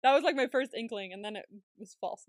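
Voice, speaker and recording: A woman co-hosting a podcast, chatting casually in an animated way, laughing often and swearing freely. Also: a little high, fast talker, no echo, clean studio sound. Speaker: podcast co-host. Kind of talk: casual recap chat.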